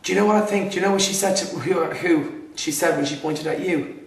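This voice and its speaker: A camp man gossips with his housemates late at night, dramatic and playful. His voice has a gravelly edge and sounds distant in a very echoey room. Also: high-pitched, fast talker. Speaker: reality show housemate. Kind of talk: casual late-night banter. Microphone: worn radio mic. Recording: echoey room, far from mic.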